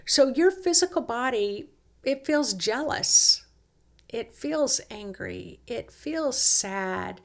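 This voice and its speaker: Slow, high-voiced woman giving self-help talk. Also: animated, creaky. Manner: acts out inner dialogue in quoted voices. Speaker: host.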